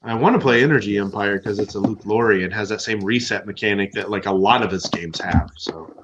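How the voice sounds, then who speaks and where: A man's voice: lowish voice, fairly quick, highs cut off, background noise. A man co-hosting a casual board game livestream, teasing and bluntly dismissive in a joking way. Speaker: board game show co-host.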